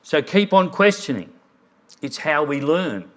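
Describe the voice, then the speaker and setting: A man's voice: on the high side, sing-song, a little slow, fairly bright tone. A man preaching a sermon in a church, earnest, reading quotes aloud. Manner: earnest, reads quotes aloud, briefly moved. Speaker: pastor.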